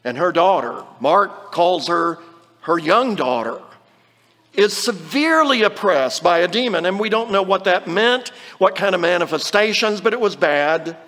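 A high-pitched man teaches from the Bible in an earnest, explanatory sermon, slowing right down whenever he reads a verse aloud. His voice carries a long reverb, as if it were spoken in a large hall. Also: expressive, fairly bright tone. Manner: earnest, explanatory, slows down to quote scripture. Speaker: preacher.

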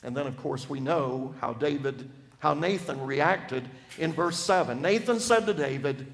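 A man preaching a sermon on a Bible passage, emphatic, dropping from loud to hushed for effect. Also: fairly high pitch, unhurried, creaky. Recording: long reverb of a large hall.

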